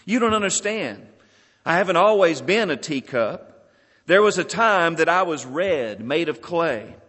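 A man's voice: fairly high pitch, lively intonation, a little slow, fairly bright tone, breathy edge, heavily acted. A man voicing a small clay teacup that cries out and pleads as it is shaped and fired. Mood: pleading. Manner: pleading, crying out in distress. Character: small talking clay teacup, suffering then amazed. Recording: long hall reverb.

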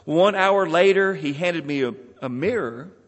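At a measured pace, a man with a voice that sits a little high and lively intonation plays a tiny talking clay teacup. It begs and cries out as it's shaped and fired, moving from suffering to amazement, in a pleading mood, with long hall reverb.

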